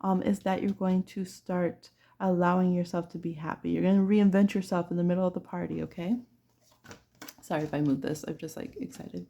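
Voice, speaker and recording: A woman's voice: on the low side, steady tone, fairly quick, creaky, mellow. A woman giving a chatty pick-a-card tarot reading who laughs often and acts out little voices. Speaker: tarot reader.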